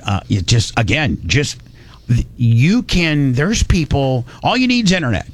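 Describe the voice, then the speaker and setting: A man's voice: mid-range voice, sing-song, measured pace. A man hosting a radio show, chatting casually and joking, often restarting and correcting himself. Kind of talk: casual talk radio chat.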